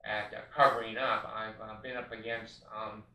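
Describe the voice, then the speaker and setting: An older man delivers a heated monologue with a sharp, tense edge to his voice, hammering points through repetition. He sits back from the mic, and his voice rings around a roomy, echoey space. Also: lowish voice, little pitch movement, moderate pace, recorded from a distance. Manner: emphatic, repetitive, frequent uh fillers. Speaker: podcast host. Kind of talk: impassioned monologue.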